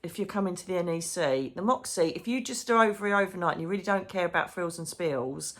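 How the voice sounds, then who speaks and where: Low gravelly lady gushing away in her hotel room diary vlog. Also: fast. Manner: chatty, emotional, gushing. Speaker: psychic medium vlogger.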